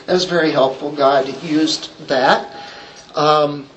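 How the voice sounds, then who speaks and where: A man's voice: fairly high pitch, fairly even intonation, takes it slowly, a bit bright, recorded from a distance, rough recording. Male pastor, expository sermon, emphatic with rhetorical questions; recorded slightly off-mic with light background noise.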